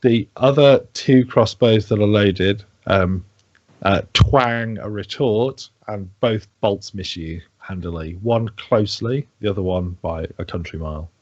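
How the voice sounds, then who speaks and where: A man's voice: lowish voice, measured pace, darkish tone, no room sound, lo-fi sound. A man, dungeon master, narrating a tabletop game in a chatty, rambling way full of fillers. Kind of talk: running a tabletop game, casual chat.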